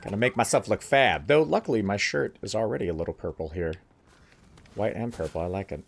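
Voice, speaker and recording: A man's voice: fairly low pitch, fairly quick, gravelly. A man giving casual, playful commentary while playing a video game, joking and talking to the characters. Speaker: let's play gamer.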